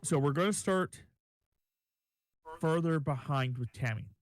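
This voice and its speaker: A man narrating a tabletop game as game master, making it up as he goes, halting and restarting. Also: on the high side, no echo.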